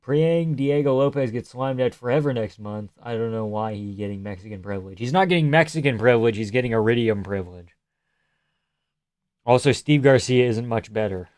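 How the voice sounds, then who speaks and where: A man hosts a live stream, reading out viewer messages and replying in a loose, joking way that now and then sinks to a near-whisper. His voice sits at medium pitch with a darkish tone, and he talks a little fast. It's casual live stream chat.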